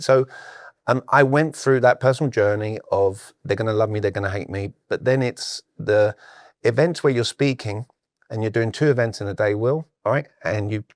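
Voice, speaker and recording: A middle-aged British sales coach, speaking with a British accent, appears as a podcast guest in a clean studio recording without echo. His voice is medium in pitch, and he tells stories with animation, acting out the conversations he remembers.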